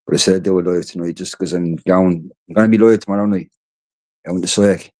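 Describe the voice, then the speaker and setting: Irish man, deep low voice, mellow tone, tired, rambling, swears a lot, casual livestream chat. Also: fairly even intonation, fast. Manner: rambling and profane.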